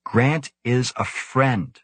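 A man's voice: low voice, sing-song, slow pace, no room sound, full character voice. A man doing a cheerful, coaxing scientist. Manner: bright, coaxing, as if to a toddler. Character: cheerful male scientist, amused and gentle.

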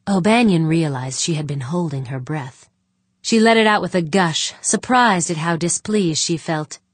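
A woman narrating an audiobook in an even, measured way. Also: fairly low pitch, dry recording. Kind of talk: scripted narration.

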